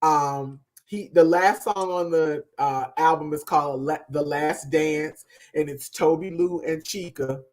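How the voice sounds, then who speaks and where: A woman co-hosting a podcast, giving a casual, emphatic music review that trails off softly at the ends of thoughts. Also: low voice, unhurried. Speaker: podcast co-host.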